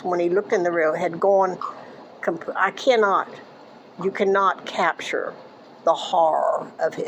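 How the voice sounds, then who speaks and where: Older woman telling a memory haltingly. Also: on the low side, slight background noise, poor audio. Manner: halting, with restarts and trailing off into quieter asides. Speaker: eyewitness recounting a childhood memory. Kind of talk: casual personal storytelling.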